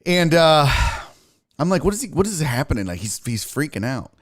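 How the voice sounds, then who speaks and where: A man's voice: a little high, sing-song, moderate pace. A man hosting his own show, telling a rambling casual story and acting out the voices of himself and his cat. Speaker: sports show host.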